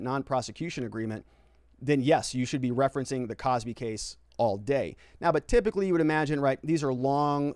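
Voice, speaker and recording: A man's voice: mid-range voice, a little mellow, no echo, studio quality. A man hosting a casual legal commentary livestream, reading viewer comments aloud and answering them in a conversational way, often tagging his points with "right?" and restarting his phrases. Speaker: lawyer and legal commentary host.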